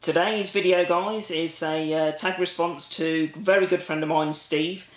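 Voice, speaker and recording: A man's voice: a little high, fairly even intonation, normal speed. A man with an English Midlands accent, casually chatting to camera as a gaming vlogger, rambling with lots of ums and restarts. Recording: echoey room.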